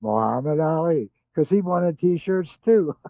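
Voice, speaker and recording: An older man tells animated stories as a guest in a casual chat, quoting other people along the way. His voice sits a little high. The sound is dry and close but dull and lo-fi. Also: a little slow, creaky, dry recording.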